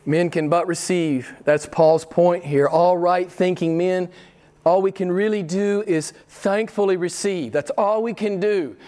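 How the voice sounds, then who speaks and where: A man's voice: sits high, steady tone, measured pace. Dynamic male pastor preaching. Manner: dynamic preaching, swinging from loud emphasis to hushed whispers. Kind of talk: sermon.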